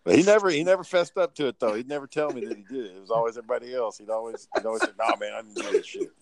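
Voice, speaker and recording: A man's voice: medium pitch, racing. A man chatting casually and profanely, chuckling as he tells his side of an old prank. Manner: laid-back, chuckling, profane. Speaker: guest telling his side. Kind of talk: casual chat.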